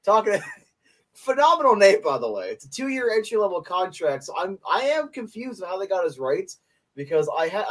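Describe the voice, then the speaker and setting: A young man co-hosting a sports podcast, his voice sitting a little higher than most men's. He talks in a loose, playful way, cracking jokes and breaking into laughter often. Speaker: podcast co-host. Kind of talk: casual chat.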